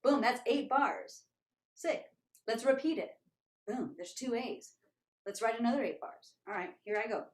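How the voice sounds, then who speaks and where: A woman tap dancer telling stories as an interview guest, lively and animated, often scatting rhythm syllables aloud to show her ideas. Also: medium pitch, a little fast.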